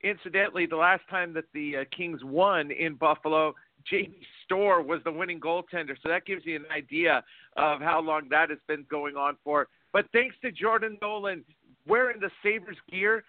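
A man co-hosting a casual sports talk show, rambling with many hesitant pauses. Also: fairly high pitch, no echo. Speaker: co-host, hockey fan. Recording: dry, phone-like lo-fi audio.

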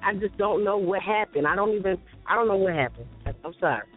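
A woman's voice: medium pitch, animated, fast, breathy edge. A woman co-hosting a casual morning show, speaking earnestly and laughing easily. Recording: tinny phone-like sound with faint music.

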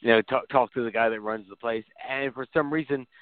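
A man's voice: medium pitch, fairly even intonation, a little fast, no room sound. A man co-hosting a casual horror film podcast, talking loosely and chuckling as he goes. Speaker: podcast co-host. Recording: dry phone-like sound.

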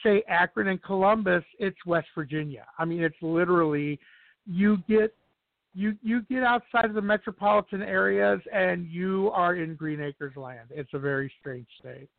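A man's voice: high-pitched, normal speed, vocal fry, no room sound. A man as a podcast guest in casual chat, rambling through anecdotes with many restarts. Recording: dry tinny phone-like sound.

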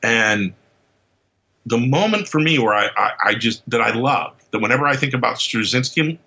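A man guest on a podcast, telling stories in an animated, casual way, acting out quotes and laughing often. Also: mid-range voice, moderate pace, lo-fi sound. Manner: lively storyteller who acts out quotes and laughs often. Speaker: podcast guest, comics writer.

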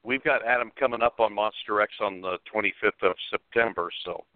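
A male radio host with a low voice talks in stops and starts, his sentences breaking off before he finishes them. The audio is thin and phone-like. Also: dry recording. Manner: halting, broken sentences. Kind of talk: casual radio show chat. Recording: tinny phone-like sound.

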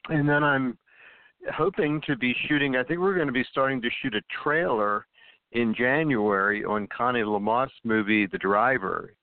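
An actor guest chats casually about his projects in an interview, laughing often. His voice is medium-pitched at a moderate pace, and the audio is dry and phone-like, as on a call.

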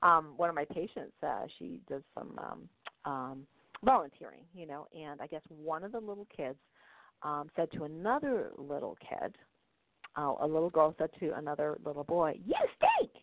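With a voice that sits low and a moderate pace, a podcast host and intuition teacher chats through stories on her talk show, laughing a lot and asking "right?". The audio is dry and narrow-band like a phone call, with no echo.

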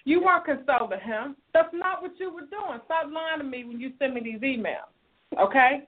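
A woman's voice: sits high, animated, moderate pace. A woman hosting an advice talk show, reading a listener's email and scolding the writer in an emphatic, sermon-like way. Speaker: relationship talk show host. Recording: tinny phone-like sound.

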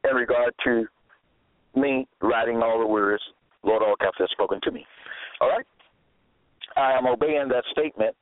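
A man preaching alone in a deliberate, halting way, reading scripture aloud with many fillers and repeated phrases. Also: medium pitch, no room sound. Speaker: preacher presenting his own episodes. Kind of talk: slow solo sermon reading scripture aloud. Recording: tinny phone-line sound, dry.

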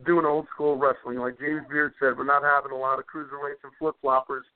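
A man's voice: mid-range voice, fairly quick. Middle-aged man telling stories by phone. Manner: animated anecdote teller, repeats words as he talks. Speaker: guest wrestler. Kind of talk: casual storytelling on a phone call. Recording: tinny phone line.

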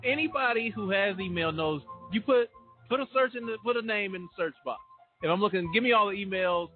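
A man's voice: high-pitched, brisk, soft background music. Emphatic man on a phone line. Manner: animated, emphatic. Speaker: radio co-host. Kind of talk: casual radio talk.

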